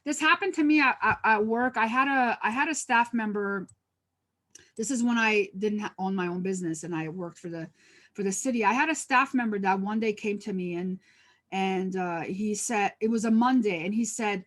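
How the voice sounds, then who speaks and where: A woman's voice: on the high side, normal speed, a bit bright. Chatty woman giving a video-call workshop. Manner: conversational, many fillers and restarts, tells personal stories. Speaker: workshop presenter. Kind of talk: live webinar presentation.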